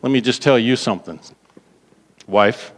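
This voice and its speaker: A man's voice: mid-range voice, moderate pace, pitched below the performer's own voice, lightly acted. A preacher playing a defiant king. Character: defiant king answering his wife. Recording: long reverb of a large hall.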